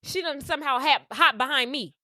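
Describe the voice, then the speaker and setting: A woman telling a story as a podcast host, animated and profane, acting out what people said. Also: high voice, fairly quick, no echo, studio quality. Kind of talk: casual storytelling.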